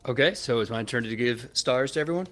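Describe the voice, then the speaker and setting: A man's voice: medium pitch, fast, fairly bright tone, soft background music. A man player giving thanks after a tabletop game, enthusiastic and peppered with "uh" fillers. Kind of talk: post-game wrap-up chat.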